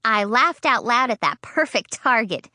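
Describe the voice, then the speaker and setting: A woman's voice: on the high side, big pitch swings, a little slow, sharp tone, no echo. A woman reading a children's audiobook in a bubbly, childlike first-person voice, in a studio. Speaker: audiobook narrator.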